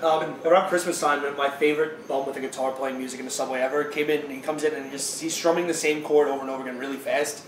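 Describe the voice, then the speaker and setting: A man co-hosting a podcast, telling animated stories, laughing often and swearing freely. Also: medium pitch, fast, few pauses. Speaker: podcast co-host. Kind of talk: casual storytelling chat. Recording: roomy, with noticeable background noise.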